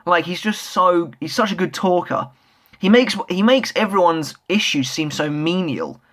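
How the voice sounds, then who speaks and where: A man's voice: high voice, animated, normal speed, a bit bright. Chatty young man reviewing manga. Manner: chatty, rambling with fillers and restarts; enthusiastic fan. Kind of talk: casual video review.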